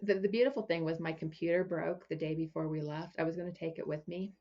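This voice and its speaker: Low-voiced woman coach, muffled audio. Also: fast. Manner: relaxed storytelling, restarts phrases. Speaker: business coach, podcast guest. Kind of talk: casual interview chat.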